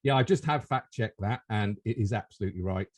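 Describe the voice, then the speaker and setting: A man's voice: fairly low pitch, brisk. A man hosting a casual comedy podcast, rambling and self-interrupting, laughing often. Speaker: podcast host.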